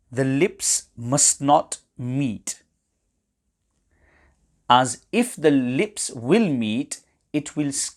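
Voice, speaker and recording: Very slow, deliberate male teacher. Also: medium pitch. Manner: slow, deliberate, carefully enunciated explanation with recited examples. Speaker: Quran recitation teacher. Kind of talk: instructional webinar explanation.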